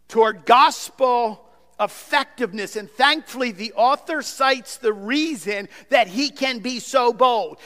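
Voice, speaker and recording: A male pastor preaching a sermon, emphatic, repeating phrases and swinging between loud outbursts and soft, low asides. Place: church sanctuary. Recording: long hall reverb.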